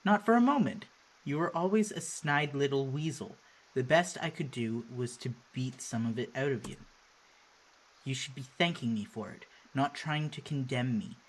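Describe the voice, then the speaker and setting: A man's voice: mid-range voice, lively intonation, normal speed, close to an everyday voice. A man doing a stern, scornful game father. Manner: gruff and contemptuous.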